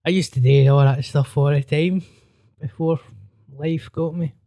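A man's voice: a little high, steady tone, normal speed, warm tone, no echo. Laid-back man, dry sound. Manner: laid-back, short replies, swears. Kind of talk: casual chat.

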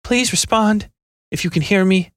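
A woman's voice: mid-range voice, moderate pace, no echo, voice pushed up, natural voice. A man reading a story, voicing a worried, haggard woman dispatcher who sounds close to tears. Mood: pleading. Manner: anxious, pleading.

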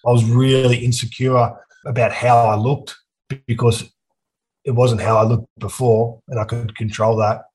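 An Australian man in his young adult years tells his story in a frank, unpolished way, swearing freely. His voice sits at an ordinary middle pitch for a man, and his delivery is relaxed and conversational. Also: normal speed, low-quality recording. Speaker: podcast guest. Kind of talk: casual conversation.

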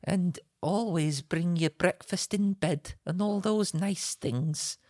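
A man's voice: high-pitched, takes it slowly, a little mellow, no room sound, clean studio sound. A man voicing a teasing, mock-devoted Scottish wife in a put-on Scottish accent on a podcast. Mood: sugary.

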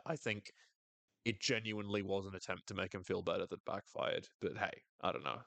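A man's voice: fairly low pitch, a little fast, no room sound. A man with a British accent, a podcast co-host casually recapping a TV episode with lots of jokes and swearing. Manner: animated and sweary, jokes often.

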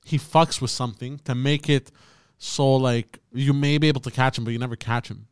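A man's voice: medium pitch, steady tone, fairly quick, clear, resonant tone, dry recording, clean studio sound. A man chatting on a podcast, loose and rambling, swearing as he goes. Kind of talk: casual chat.

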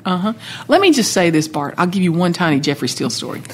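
Husky, talkative woman. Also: lowish voice, fast. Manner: lively, talkative, animated storyteller. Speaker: country music artist guest. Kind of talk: casual storytelling chat.

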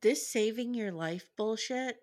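A woman's voice: a little high, a little slow. A woman co-hosting a casual reality TV recap podcast, swearing freely and acting out quotes. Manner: animated, swearing, acts out quotes. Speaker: podcast co-host.

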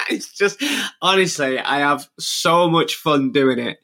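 A man's voice: fairly high pitch, slow, pushed and bright. A young man chatting easily in an interview, laughing often as he talks about his podcast. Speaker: podcast host and radio presenter. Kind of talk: casual interview chat.

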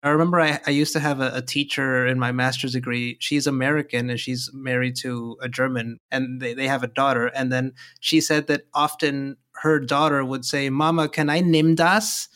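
Curious interviewer in mid pitch. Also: level tone, moderate pace, few pauses, fairly bright tone. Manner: curious, prompting questions with "right?" tags. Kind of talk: casual interview chat.

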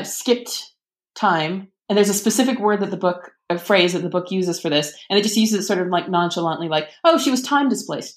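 A woman with a slightly low voice speaks as an interview guest. She talks in a loose, conversational way, restarting sentences and dropping in ums as her enthusiasm builds. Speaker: author and podcast guest.

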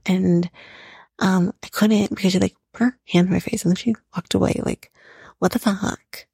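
A woman's voice: lowish voice, level tone, normal speed, gravelly, dark tone, husky, no room sound. A young woman hosting a podcast, recapping a reality show in a profane, opinionated rant. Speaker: podcast host.

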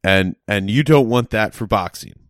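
A man's voice: on the low side, normal speed, no echo, clean studio sound. A man in casual chat, jumping in with jokey, absurd questions.

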